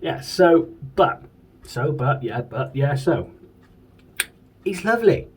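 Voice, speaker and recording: A man's voice: a little high, sing-song, takes it slowly, recorded from a distance, slight background noise, rough recording. A man from the UK, chatting casually and enthusiastically as a toy collector and swearing now and then. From United Kingdom. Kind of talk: casual chat. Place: home room.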